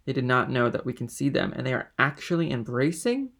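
A man's voice: mid-range voice, sing-song, fairly quick, creaky, fairly bright tone, exaggerated voice. A man voicing a drunken, envious sailor who talks with boisterous, slurring tavern bluster. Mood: rowdy, drunk. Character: drunken envious middle-aged male sailor.

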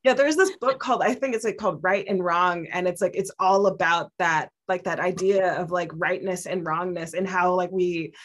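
A woman's voice: on the low side, normal speed, few pauses. Chatty woman rambling with many fillers. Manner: rambling, laughs often, filler-heavy. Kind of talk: casual chat.

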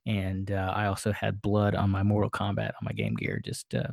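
A man's voice: lowish voice, big pitch swings, normal speed, creaky, a little mellow, no room sound, clean studio sound. A man co-hosting a podcast, chatting in a laid-back, hesitant way with plenty of fillers. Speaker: podcast co-host. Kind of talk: casual chat.

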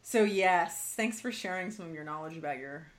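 A woman's voice: fairly low pitch, moderate pace. A woman hosting a casual podcast, bubbly and chatty, saying "like" a lot and laughing easily. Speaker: podcast host.

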